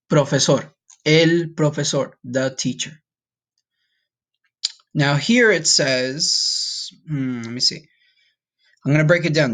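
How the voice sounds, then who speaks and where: A man's voice: medium pitch, fairly bright tone. A man teaching a recorded Spanish vocabulary lesson, patiently breaking words down, having students repeat after him and checking in with "okay?".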